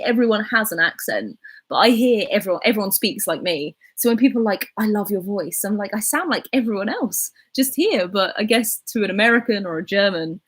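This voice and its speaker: Breathy twenty-something english girl, posh southern RP accent, rambly chatty livestream talk. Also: medium pitch. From England. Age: 20s. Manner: chatty, rambling, reads chat aloud. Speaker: livestreaming YouTuber. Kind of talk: casual chat reading live comments.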